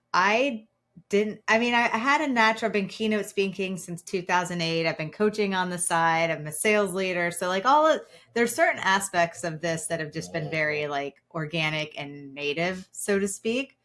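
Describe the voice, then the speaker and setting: Female guest, 40s, lower voice, animated storyteller, lots of "like" and "right.". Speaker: guest, keynote speaker. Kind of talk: personal storytelling in interview.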